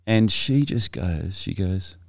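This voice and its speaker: A middle-aged man, a podcast guest telling his personal story in a reflective, halting way with many restarts. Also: sits low, lively intonation, creaky, no echo, clean studio sound. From Australia.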